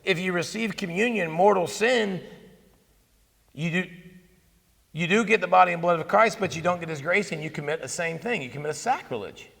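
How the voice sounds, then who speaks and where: A man in his fifties giving a conversational, animated talk on Catholic faith at a conference, telling stories with asides. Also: sits high, normal speed, creaky. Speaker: conference speaker. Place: conference hall. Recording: long hall reverb.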